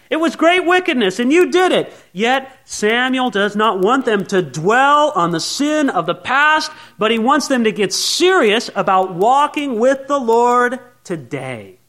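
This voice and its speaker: A pastor preaching a sermon to his congregation, earnest, moving between quiet asides and raised pleading. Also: extremely high pitch.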